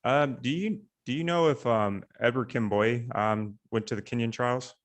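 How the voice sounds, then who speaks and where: A young man hosting a casual podcast interview over a video call, relaxed and halting, with many fillers. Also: mid-range voice. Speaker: podcast host.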